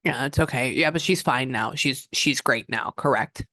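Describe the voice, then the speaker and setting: A woman working as a psychic medium, giving a client a reading and passing on messages in an animated, chatty way. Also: very deep voice, normal speed, no room sound, studio quality. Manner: animated, relays messages in quotes, frequent "hold on".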